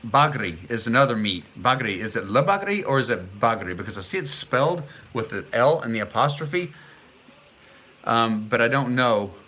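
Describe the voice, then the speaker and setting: A middle-aged man hosting a casual live stream, chatting and reading viewer comments aloud while haltingly sounding out foreign words. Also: mid-range voice, expressive, bright, forceful tone.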